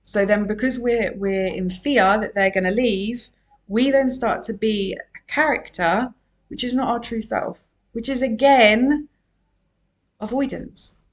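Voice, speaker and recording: Her voice sits fairly high and moves a little slowly. She's a woman working as an emotional wellbeing coach, alone on her podcast, pressing her points with earnest emphasis and returning to the same key phrases.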